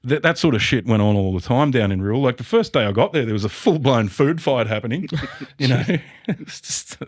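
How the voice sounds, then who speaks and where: A man's voice: mid-range voice, animated, brisk, husky, dry recording, clean studio sound. A middle-aged Australian man, a podcast guest, telling rambling stories and swearing freely in casual chat. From Brisbane, Australia.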